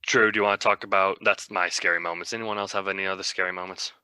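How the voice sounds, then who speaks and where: A man's voice: low voice, steady tone, quick pace, bright, forceful tone, smooth, dry recording. A young man co-hosting a podcast, telling a rambling, self-mocking story in a casual way. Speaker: podcast co-host.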